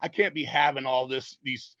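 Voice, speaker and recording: A man's voice: medium pitch, steady tone, normal speed, fairly bright tone, dry recording, muffled recording. A man on a podcast telling long, profane, rambling stories in a casual way. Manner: profane, rambling, lots of swearing. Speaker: podcast guest, metal singer. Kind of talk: casual storytelling.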